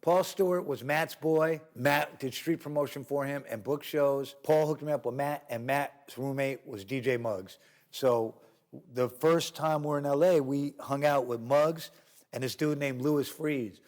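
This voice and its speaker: Animated, profane male storyteller. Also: mid-range voice, a little slow. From New York. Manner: animated, profane, acts out cops' voices. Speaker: guest. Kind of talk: storytelling interview.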